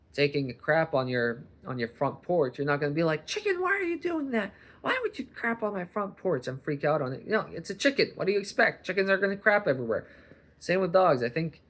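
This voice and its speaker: A young man rambling in a casual vlog monologue, often breaking off and restarting, and jumping up loud and high when he acts out other people. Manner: rambling, self-interrupting, jumps to loud animated voices when quoting people. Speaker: vlogger.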